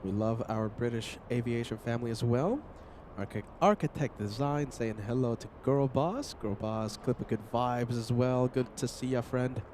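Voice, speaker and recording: A man's voice: medium pitch, normal speed, a little mellow, slight background noise. A man hosting a live plane-spotting stream, chatting with viewers by name while he is sick. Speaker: livestream host.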